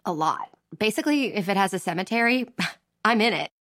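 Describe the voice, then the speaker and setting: A woman's voice: mid-range voice, expressive, fairly quick, fairly bright tone, dry recording, studio quality, close to an everyday voice. A woman playing hammy theatrical fog. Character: fog personified, theatrical eerie actress. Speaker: radio ad character.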